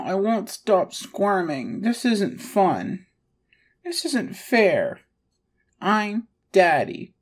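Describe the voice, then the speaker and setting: A woman's voice: a little high, a little mellow. Pouty, whiny woman in audio role-play.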